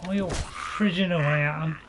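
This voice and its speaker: A man's voice: on the high side, steady tone, moderate pace, background noise. A man giving casual, rambling commentary while playing a game, chuckling to himself now and then. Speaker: gaming video host.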